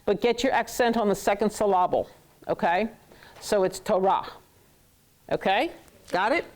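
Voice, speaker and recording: A woman's voice: medium pitch, normal speed. Lady teaching a class, jokey and chatty, acts out little phrases. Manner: playful, laughs often, acts out market phrases. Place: classroom with students.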